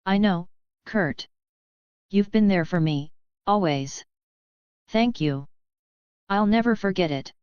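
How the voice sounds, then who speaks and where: A woman voicing a resolute but grieving young heroine who speaks softly. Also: medium pitch, slow pace, pauses often, clear, resonant tone, no room sound, natural voice. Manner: soft, trembling. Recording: dull, dry sound.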